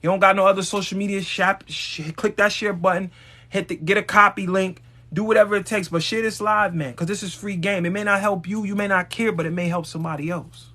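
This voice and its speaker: A man's voice: high voice, steady tone, a little fast, pushed and bright. A man hosting a live stream, giving a blunt, emphatic motivational talk straight to his viewers, with some profanity. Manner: addresses viewers directly.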